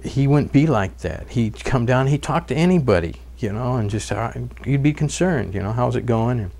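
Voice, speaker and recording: A man's voice: mid-range voice, lively intonation, normal speed, creaky, darkish tone. A man telling stories in an interview, earnest, with frequent fillers and restarts. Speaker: documentary narrator and interviewee. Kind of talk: interview and narration.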